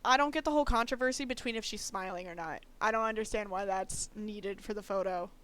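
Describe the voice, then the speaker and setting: A woman's voice: mid-range voice, quick pace, a bit bright. A woman streamer chatting casually and laughing a lot while she draws live. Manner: giggly, chatty, self-teasing.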